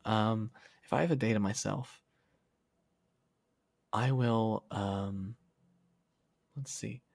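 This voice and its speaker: A young man chatting casually on a livestream, reading comments in a soft, affectionate way and laughing often. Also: medium pitch, no room sound, clean studio sound. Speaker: streamer.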